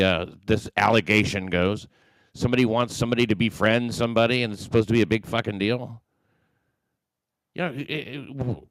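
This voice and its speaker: A male livestream host rants on his own stream in a profane, combative monologue packed with fillers and restarts. His voice is medium-pitched, recorded in clean studio sound with no room sound.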